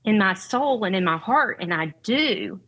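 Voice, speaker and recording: On a podcast, a Southern US woman in middle age who is a parent and educator talks earnestly and from the heart, her faith at the center. Her mid-range voice is expressive and a bit bright, her pace measured, and the recording quality low.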